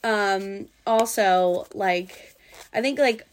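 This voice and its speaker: This podcast guest, a young woman from the US Pacific Northwest, talks extremely slowly in a medium-pitched voice. She recounts a bad date to the host in a loose, rambling way, peppered with fillers and curse words, like a casual storytelling chat.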